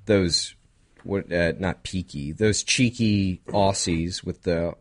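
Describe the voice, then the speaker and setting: A young man co-hosting a casual podcast, rambling through topics with quick asides, laughs and a slightly nasal voice. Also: low voice. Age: young adult. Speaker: podcast co-host. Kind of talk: casual chat.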